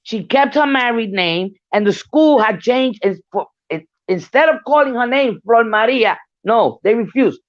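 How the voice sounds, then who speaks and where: A woman's voice: fairly high pitch, animated, normal speed, hardly any pauses, no room sound. Frank, storytelling older New woman. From New York. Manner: frank storytelling, swears freely. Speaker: guest speaker. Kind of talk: casual discussion. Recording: muffled lo-fi dry recording.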